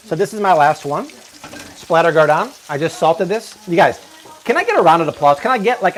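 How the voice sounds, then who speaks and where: Excitable man hosting a cooking show. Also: fairly high pitch. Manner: enthusiastic, exclamatory. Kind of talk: live cooking demonstration. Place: home kitchen.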